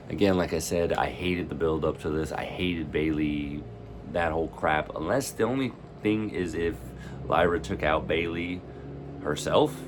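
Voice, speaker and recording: Low-voiced man, opinionated vlogger, rambling and frustrated. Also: background noise. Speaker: wrestling fan vlogger. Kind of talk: casual reaction rant.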